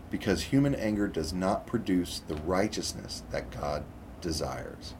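A man's voice: low voice, lively intonation, normal speed, a little mellow, a little hiss or hum. A man preaching a conversational sermon, reading scripture aloud and often checking in with "okay?".

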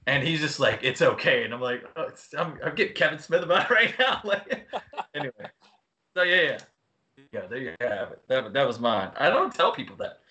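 Bright, laughing man telling stories. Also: medium pitch, sing-song, moderate pace. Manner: chatty, self-mocking storyteller who laughs often. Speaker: podcast co-host. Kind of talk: casual chat.

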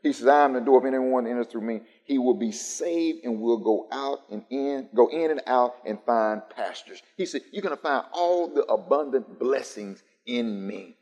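A man's voice: medium pitch, moderate pace, hardly any pauses, a little mellow. A man preaching a sermon to a live congregation, building through emphatic repetition. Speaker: pastor. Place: church sanctuary, live-streamed. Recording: long church reverb.

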